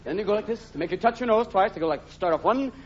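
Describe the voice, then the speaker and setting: On a theater stage, a man does live stand-up, leaping manically between silly character voices in a high, expressive, fast delivery. The lo-fi live recording captures a loud, laughing crowd.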